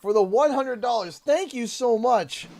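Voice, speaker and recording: A Canadian man live-streaming a game, excitable and thanking viewers over and over. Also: very high-pitched, unhurried, gravelly, music in the background. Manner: excitable, thanks donors warmly and often. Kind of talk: live gameplay stream chat.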